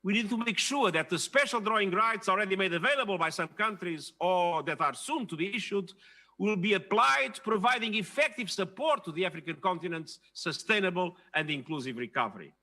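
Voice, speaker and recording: An older man delivering a formal prepared speech at a leaders' dialogue, measured and emphatic. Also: high voice, lively intonation, bright, forceful tone. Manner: measured, emphatic, stressing key phrases. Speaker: keynote speaker at a leaders' dialogue.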